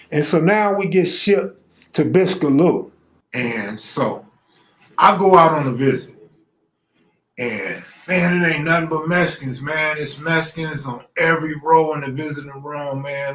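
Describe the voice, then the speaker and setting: A middle-aged man from Los Angeles telling a true story in a casual, slangy way, acting out the people he quotes. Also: a little high. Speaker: storyteller host. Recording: roomy echo.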